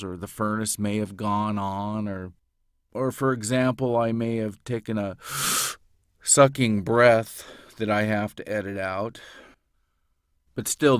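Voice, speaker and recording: A man with a lowish voice talks through his work as an audiobook narrator, unhurried and explanatory. He was recorded in a closet sound booth, so the sound is dead dry with no room at all. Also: no room sound. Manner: measured, explanatory. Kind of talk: recorded interview answers.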